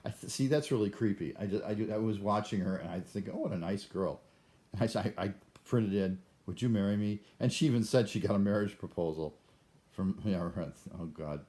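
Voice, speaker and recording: Older man, lowish voice, rambling solo vlog, stammers and restarts. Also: fairly quick, mellow. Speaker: vlogger. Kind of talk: rambling monologue.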